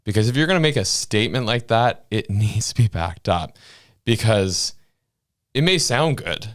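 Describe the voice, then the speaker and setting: A man with a very low voice talks through ideas in relaxed, easygoing podcast chat and laughs often. The sound is close and dry, with no room around it. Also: moderate pace, no room sound. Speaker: podcast co-host. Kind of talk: casual political chat.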